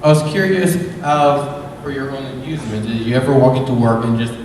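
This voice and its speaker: A man's voice: mid-range voice, steady tone, a little fast, a little mellow, a little hiss or hum. A man from the audience asking voice actors a friendly, slightly rambling question. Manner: friendly, curious, a bit rambling. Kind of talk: convention Q&A question. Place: large convention hall. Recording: echoey hall from far off.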